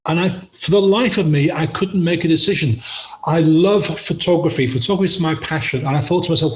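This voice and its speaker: This is a fast-talking, middle-aged man from England with a voice on the high side, heard in a roomy, muffled recording. As a podcast guest in a casual storytelling interview, he chats away self-deprecatingly, tells stories, and laughs often.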